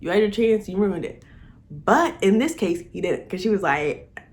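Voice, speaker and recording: A woman vlogger ranting excitedly to camera, gushing, laughing often and repeating herself. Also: medium pitch, normal speed, slight background noise. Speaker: vlogger reviewing a TV romance series. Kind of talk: excited casual rant to camera.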